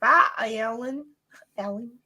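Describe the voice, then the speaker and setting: Australian woman, casual livestream chat, slightly high voice, laughs a lot. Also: slow, pushed and bright, muffled recording. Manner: chatty, laughs often, trails off and restarts. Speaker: co-host of a paranormal livestream.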